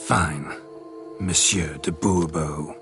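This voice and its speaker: An actor voicing a terse, deadpan monster hunter in a video game, with faint music behind. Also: male voice, deep voice, measured pace. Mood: sarcastic. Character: gruff terse monster hunter, dry wit. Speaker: witcher, hired monster hunter.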